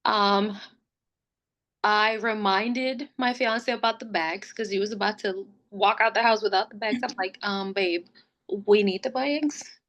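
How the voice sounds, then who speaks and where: A woman's voice: medium pitch, unhurried. A young woman, a podcast guest, telling a personal story casually and acting out what others said. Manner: animated, acts out quotes of others.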